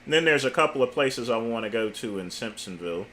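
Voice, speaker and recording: A man's voice: mid-range voice, expressive, fast talker, sharp tone, a little hiss or hum. A man livestreaming while he works at a computer, muttering his steps to himself and cursing now and then. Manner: mutters to himself, curses in frustration. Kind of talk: casual livestream talk while working.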